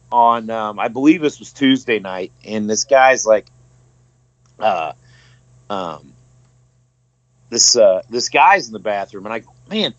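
A man's voice: mid-range voice, no echo, highs cut off. A man co-hosting a podcast, telling travel stories casually with swearing and many ums and uhs. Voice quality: profane, halting with fillers. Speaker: podcast co-host. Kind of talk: casual storytelling.

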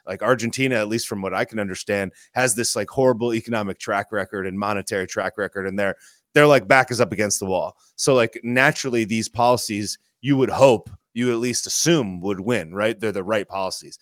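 A man, a guest on a casual talk show, reasons out loud in a speculative way, often checking in with "right?". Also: fairly low pitch, brisk, no room sound, studio quality. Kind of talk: casual political discussion.

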